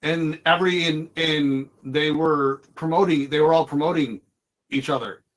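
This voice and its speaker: A man's voice: a little high, moderate pace. A man hosting a casual podcast chat, rambling as he talks and acting out what other people said. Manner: rambling, restarts his sentences and acts out other people's lines. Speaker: podcast host.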